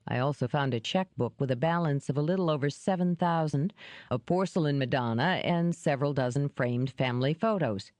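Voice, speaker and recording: A woman reading an audiobook, voicing a gruff, wary man who talks in curt, dry lines. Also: on the high side, a little fast, darkish tone, no echo, lightly acted.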